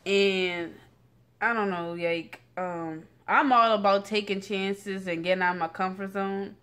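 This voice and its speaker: A woman's voice: medium pitch, fairly even intonation, measured pace, a bit bright, clear, resonant tone. Chatty teen girl rambling to her phone. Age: late teens. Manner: chatty and rambling, slangy, many fillers. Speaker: vlogger. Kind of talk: casual rant to camera. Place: at home at night. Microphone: phone camera.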